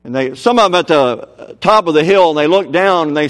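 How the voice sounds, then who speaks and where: A man preaching a sermon, dramatic and swinging from shouts down to near whispers, who keeps checking that the crowd is listening. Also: on the high side, expressive, fairly quick, few pauses. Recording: long hall reverb.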